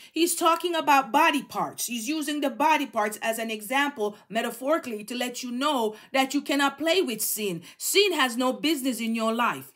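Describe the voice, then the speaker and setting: Fervent high-voiced woman preaching. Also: a bit bright. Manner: fervent, exhorting, emphatic repetition. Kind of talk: sermon.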